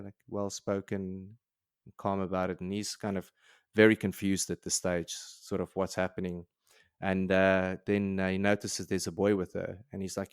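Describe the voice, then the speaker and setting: Male podcast co-host, low and dry, rambling casual recap. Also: level tone, moderate pace, clear, resonant tone, no room sound. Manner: rambling retelling with restarts and laughs. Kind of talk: casual book-club chat.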